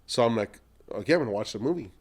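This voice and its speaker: A middle-aged man, an entrepreneur, telling long animated anecdotes in a podcast interview and acting out what other people said. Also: medium pitch, racing, breathy edge. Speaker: entrepreneur guest.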